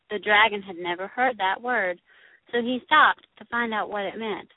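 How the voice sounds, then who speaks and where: A woman's voice: medium pitch, moderate pace, no room sound. A woman reading a first-person story in the voice of a young girl, told in a plain, childlike way. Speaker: audiobook narrator. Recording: tinny, phone-like dry recording.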